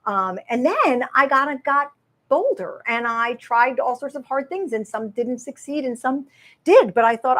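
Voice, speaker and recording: A woman in her sixties, an author being interviewed at a live event, telling her story in an animated way and acting out quoted exchanges. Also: high-pitched, measured pace. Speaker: author and guest.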